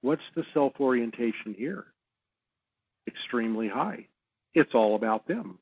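A man who trains salespeople, talking as a podcast guest and explaining in a measured way with easy laughs. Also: mid-range voice, expressive, breathy edge, no room sound. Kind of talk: podcast interview. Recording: tinny phone-like line.

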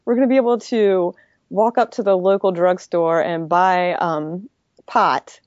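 Low-pitched chatty woman panelist. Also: steady tone, a little mellow, no room sound. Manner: chatty, quick to laugh. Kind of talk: podcast panel discussion. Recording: dull, dry lo-fi podcast audio.

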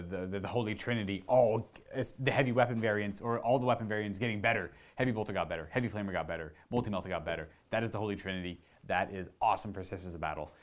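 Chatty, rambling man with a lowish voice. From Canada. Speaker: tabletop wargame streamer answering viewer questions. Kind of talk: casual live Q&A chat.

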